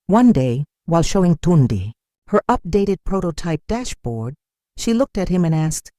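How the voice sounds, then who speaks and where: A narrator reading a dramatic story in a steady, scripted storytelling style. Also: medium pitch, normal speed, dry recording, clean studio sound.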